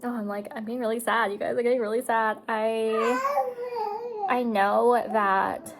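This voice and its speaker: Gravelly-voiced woman chatting while doing makeup. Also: a little high, fairly even intonation, normal speed, background noise. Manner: chatty, emotional, tearful at times. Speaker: beauty vlogger and mother.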